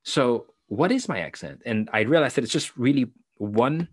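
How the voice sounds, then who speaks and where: A man's voice: mid-range voice, expressive, moderate pace, husky, no echo, studio quality. A young man with a Filipino English accent, speaking thoughtfully in an interview, expanding on his ideas with occasional self-corrections. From Philippines. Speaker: actor, interview guest. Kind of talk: conversational interview.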